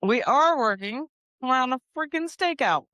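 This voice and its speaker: A woman's voice: high voice, expressive, moderate pace, pushed and bright, no echo. A woman, a player at a tabletop game, chatting casually in a teasing, giggly way.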